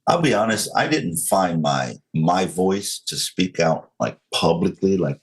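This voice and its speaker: A man in his forties from North Carolina with a Southern accent, telling his story as a podcast guest in a slow, controlled way. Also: sits low, animated. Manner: slow, controlled, deliberate delivery.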